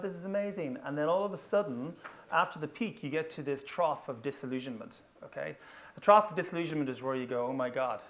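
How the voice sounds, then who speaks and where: A man giving an energetic technical talk at a conference, often checking in with the audience by asking "okay?" or "right?". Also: medium pitch. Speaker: conference speaker. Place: conference venue.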